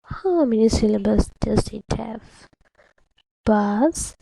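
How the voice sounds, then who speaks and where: A woman teacher speaks slowly and patiently to young pupils, sounding out words syllable by syllable. Her voice sits a little high, with a gravelly edge. The sound is dry and close, with a dark, mellow tone. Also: no echo, low-quality recording. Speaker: primary English teacher. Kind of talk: slow, deliberate classroom instruction to children.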